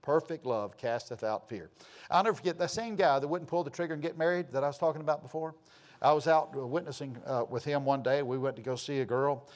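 Middle-aged male preacher, folksy storyteller, slightly high voice, dramatic loud-soft swings. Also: fairly even intonation, quick pace. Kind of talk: sermon with storytelling.

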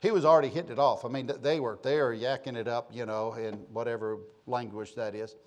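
A man's voice: medium pitch, fairly even intonation, quick pace. A middle-aged man preaching a sermon, emphatic and repetitive, calling out to the congregation. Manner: emphatic preacher, repeats phrases, calls for amen. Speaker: pastor.

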